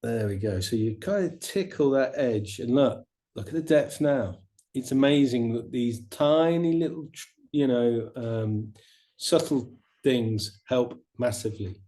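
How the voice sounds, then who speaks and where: A middle-aged man teaching watercolor painting, chatting in a relaxed way and explaining each step as he paints. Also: mid-range voice, unhurried. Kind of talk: painting demonstration.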